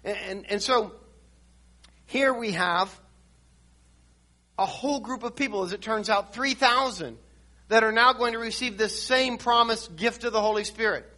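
A man's voice: sits high, normal speed, pauses often, pushed and bright. A man preaching a sermon, teaching verse by verse through scripture with emphatic points and frequent restarts. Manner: reads and explains scripture verse by verse.

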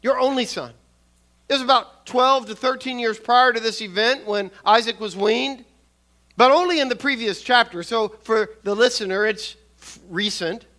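An older man delivers a sermon in a measured, earnest way, often repeating a word before he finds his phrase. His voice sits high for a man and sounds bright and forward. He slows down to stress the lines he quotes. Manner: measured, with repeated restarts and soft asides. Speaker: preacher.

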